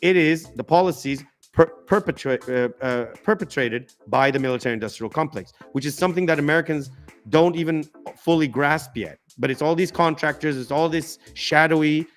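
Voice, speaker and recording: A man's voice: a little high, moderate pace, faint music behind. Ranting man hosting a political stream. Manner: emphatic, ranting, with many restarts. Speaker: host of a live political stream. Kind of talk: casual political commentary.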